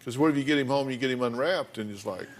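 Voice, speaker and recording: This is an older man hosting a talk show. He questions his guest in a folksy, probing way and reads her letters aloud at an even, middling pitch. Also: quick pace, very noisy.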